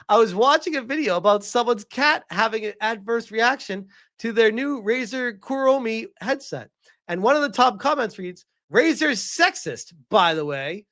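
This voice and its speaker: A man's voice: sits high, pushed and bright. Heated, profane male commentator. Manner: heated, profane, reads article quotes aloud. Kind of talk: reaction commentary.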